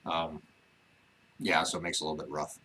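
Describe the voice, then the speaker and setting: A man from Wyoming co-hosts a casual ranch livestream, chatting easily with plenty of fillers, restarts, and some teasing. His very deep voice is flat and sharp, a little fast, and the recording quality is low.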